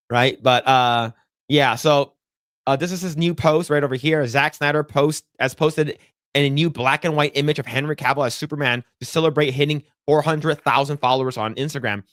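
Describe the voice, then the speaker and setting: On a podcast, a male co-host chats casually, animated and swearing freely, and his voice jumps suddenly much higher whenever he acts out reactions. The recording is dry with clean studio sound.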